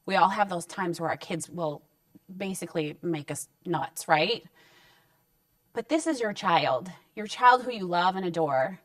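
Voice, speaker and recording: A woman's voice: on the low side, expressive, a little slow, dry recording, distant mic. Reassuring woman giving parenting advice. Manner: conversational and reassuring, acting out short parent-child exchanges. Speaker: parenting counselor. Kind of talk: direct-to-camera parenting advice talk. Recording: dry sound with the mic set back.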